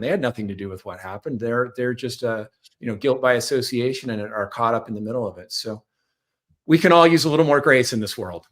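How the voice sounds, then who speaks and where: A man who is a communications consultant, a guest on a podcast, speaking sincerely and warmly about compassion, often repeating words. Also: medium pitch.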